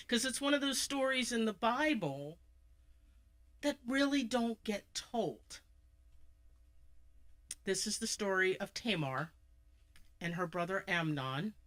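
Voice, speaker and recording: A speaker retells a Bible story at a live charity event. The delivery is conversational, speeding up and slowing down and turning to ask the listeners questions. The voice sits at an ordinary middle pitch. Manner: conversational, with shifts in pace and loudness and asides to the audience.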